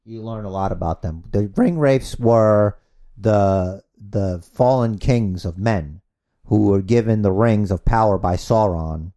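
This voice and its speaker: A man's voice: fairly low pitch, measured pace, warm tone. A man co-hosting a podcast in casual, rambling chat, swearing freely and acting out scenes as he tells them. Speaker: podcast co-host.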